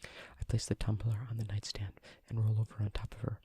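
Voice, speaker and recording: A man reading a novel aloud as a whispered role-play, in a hushed, even manner. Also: fairly low pitch, brisk, husky. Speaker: audiobook reader.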